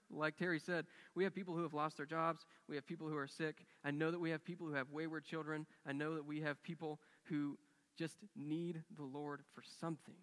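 A man's voice: a little high, level tone, brisk, hardly any pauses, a bit bright. Earnest man preaching in a reverberant church hall. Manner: earnest, acts out quoted dialogue with rising and falling intensity. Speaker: pastor. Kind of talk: sermon storytelling. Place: church sanctuary.

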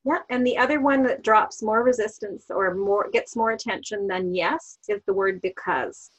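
A woman coach explaining parenting techniques calmly on a podcast, giving examples as she goes. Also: mid-range voice, normal speed, breathy edge, poor audio. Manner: calm, explanatory, gives examples. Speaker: NLP coach guest. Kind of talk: podcast interview.

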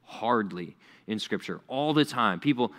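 A man's voice: on the low side, animated, unhurried, a bit bright. A male pastor preaching a sermon in a conversational, emphatic way, repeating key words for effect.

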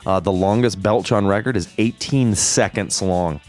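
A man's voice: lowish voice, moderate pace, a little mellow, soft background music. A man co-hosting a radio show, cracking goofy jokes and laughing a lot. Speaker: radio co-host. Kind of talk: casual radio banter.

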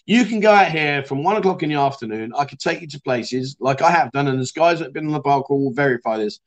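A middle-aged man hosting a casual livestream chat show, talking matily and reading out viewer comments. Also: medium pitch. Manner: chatty, matey, reads out viewer comments. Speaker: livestream host.

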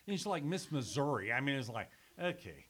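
An older man, a former radio sales executive and sports announcer, telling stories in casual conversation as a lively storyteller who swears casually. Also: medium pitch, fairly quick. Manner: animated storyteller, swears casually, laughs through anecdotes. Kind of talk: casual reminiscing chat.

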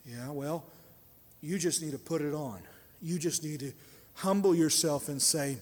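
A man preaching a sermon as pastor, emphatic and building to loud prayer. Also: sits high, sing-song, moderate pace, in a large hall.

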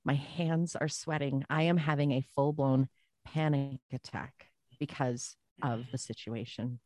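A woman guest telling a personal story in a casual podcast chat, animated and repeating phrases for emphasis. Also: a bass voice, measured pace, no echo.

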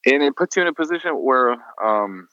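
This is a mid-range, fairly quick male voice with no room sound and the highs cut off. He's a photographer telling stories in a casual podcast chat, an animated storyteller who acts out the people he quotes.

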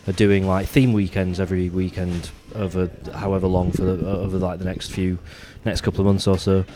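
A man's voice: deep voice, little pitch movement, a little fast, dark tone. A man hosting a casual podcast chat, easygoing and dry-humoured, often restarting his sentences. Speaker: podcast host.

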